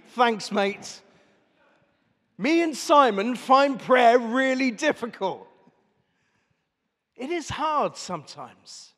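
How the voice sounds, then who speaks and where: High-voiced preacher in a reverberant church. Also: male voice, a bit bright. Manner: conversational, asks the congregation questions. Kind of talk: sermon. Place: church service.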